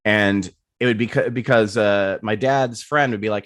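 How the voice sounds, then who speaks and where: A man's voice: fairly low pitch, moderate pace, few pauses, a bit bright, dry recording, clean studio sound. A man hosting a casual podcast, rambling and swearing freely as he trails through his thoughts. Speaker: host.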